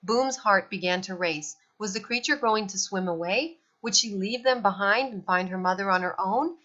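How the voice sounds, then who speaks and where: Lady reading a kids' novel out loud, bright voice, bit lo-fi. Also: medium pitch, normal speed. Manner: expressive read-aloud. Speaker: storyteller. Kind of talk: reading a children's novel aloud.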